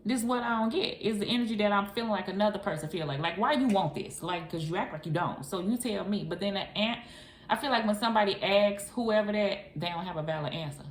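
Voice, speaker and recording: A woman's voice: mid-range voice, quick pace. Chatty tarot reader woman, echoey room. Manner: chatty, calls listener boo and honey. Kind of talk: casual tarot reading. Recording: echoey room, faint hiss.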